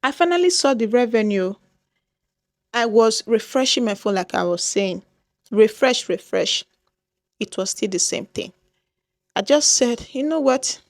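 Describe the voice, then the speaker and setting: Animated Nigerian woman vlogger, high voice. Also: normal speed, no echo, studio quality. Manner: dramatic, exclaiming, repeats herself. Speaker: YouTuber. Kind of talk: casual vlog talk to viewers.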